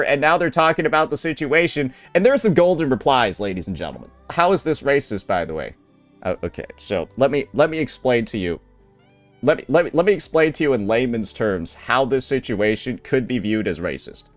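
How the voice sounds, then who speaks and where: A man giving casual ranting commentary, blunt and sarcastic, often repeating himself and swearing. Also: a little high. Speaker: commentary YouTuber.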